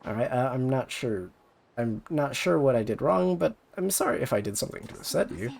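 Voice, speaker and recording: A man's voice: medium pitch, expressive, brisk, vocal fry, a little mellow. A man voicing a polite young girl idol in a video game, hesitant and apologetic.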